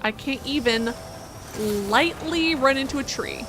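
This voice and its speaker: A woman's voice: sits high, animated, unhurried. A young woman streamer giving casual, exasperated commentary while playing a game, chatting with her audience. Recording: noticeable background noise.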